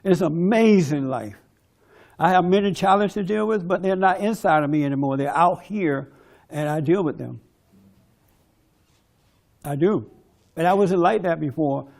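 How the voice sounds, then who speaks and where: A man giving a forceful, preachy testimony talk at a men's conference. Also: a little high, normal speed, gravelly, pauses often. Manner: preachy, forceful, mimics others in quoted bits.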